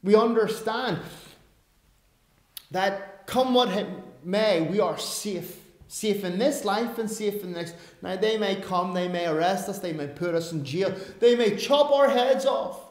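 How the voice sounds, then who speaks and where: A man's voice: high-pitched, unhurried. A man preaching a sermon, emphatic and given to self-aware asides. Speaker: pastor. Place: church. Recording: roomy church echo.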